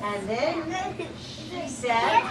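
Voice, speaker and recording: A woman with a high, lively voice tells the story slowly, leaning into each line like a storybook reading. She sounds distant and roomy, as if caught by a camera at the back of a school room. A loud murmur of children and noise fills the background. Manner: slow, expressive storybook reading. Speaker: teacher narrating a class play. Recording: echoey room from far off, loud crowd noise.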